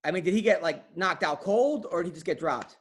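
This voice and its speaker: High-voiced eager podcast host. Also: male voice, a little fast, husky. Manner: eager, curious, stumbles over questions. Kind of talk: interview questions.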